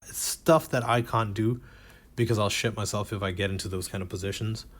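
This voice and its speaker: Low-voiced man doing rambling stand-up. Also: fairly even intonation, a little fast. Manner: rambling, self-deprecating, with restarts; reads jokes from a notebook. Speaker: stand-up comedian. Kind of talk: stand-up comedy set.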